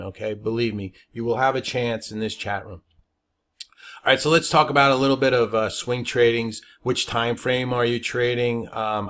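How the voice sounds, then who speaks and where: A man's voice: medium pitch, fairly bright tone. Man giving an emphatic trading webinar. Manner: emphatic, keeps adding "all right?". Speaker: stock trading educator. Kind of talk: webinar presentation.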